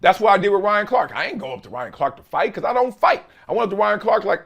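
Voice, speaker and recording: Animated man, lively emphatic sports host. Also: high-pitched, fast talker, gravelly, hardly any pauses. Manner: emphatic, street slang, frequent laughs. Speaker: sports talk show host. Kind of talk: animated solo commentary.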